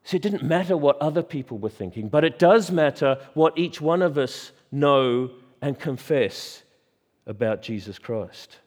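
A man's voice: a little high, lively intonation, darkish tone. Emphatic man preaching in a reverberant church. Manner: emphatic, with dramatic pauses and repeated rhetorical questions. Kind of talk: sermon.

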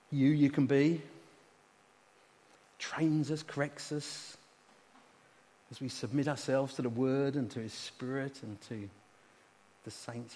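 In a church hall, a pastor with a medium-pitched, darkish voice delivers a sermon and closing prayer, earnestly leading his congregation in call-and-response prayer. The hall is reverberant, with a faint hum.

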